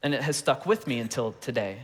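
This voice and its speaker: Storytelling pastor in a big reverberant hall. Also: male voice, mid-range voice, animated, fast talker. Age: 30s. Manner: storytelling with playful asides, acting out quoted voices. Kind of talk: sermon. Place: large church auditorium. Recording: long reverb of a large church hall.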